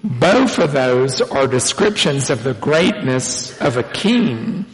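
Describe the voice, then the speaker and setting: A man's voice: mid-range voice, very animated, slow pace. A man preaching a sermon to his congregation in a church, with folksy joking asides. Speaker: pastor. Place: church sanctuary. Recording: long hall reverb.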